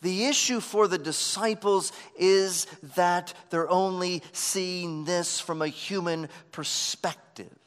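Earnest high-voiced man preaching. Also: slow pace, hardly any pauses, fairly bright tone, smooth, big-room sound. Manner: earnest, emphatic, repeats words at starts of phrases. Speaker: pastor. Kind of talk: sermon.

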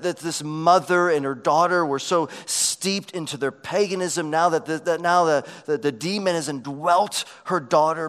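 A man preaching a sermon as pastor, swelling to emphatic peaks and dropping to quiet lows. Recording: long hall reverb.

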